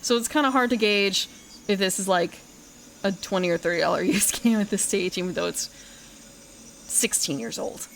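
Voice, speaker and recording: A woman's voice: medium pitch, moderate pace, vocal fry, pauses often, a little hiss or hum, rough recording. A young woman streamer chatting casually through a first-time game playthrough, rambling and correcting herself as she talks. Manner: rambling and self-correcting, with frequent laughs and swearing.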